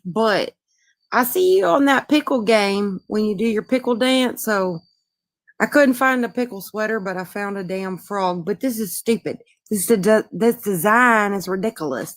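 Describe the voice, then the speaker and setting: A woman's voice: on the high side, fairly bright tone, no room sound. A woman from Texas, a guest on a casual livestream chat, rambling in a goofy, self-mocking way.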